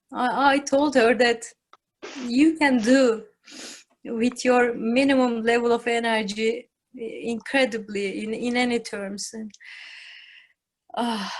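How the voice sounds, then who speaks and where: Grieving woman on a video call, slow, teary, hesitant speech. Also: on the high side. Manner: halting, tearful, many pauses and restarts. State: crying. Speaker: memorial speaker. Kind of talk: emotional tribute on a video call.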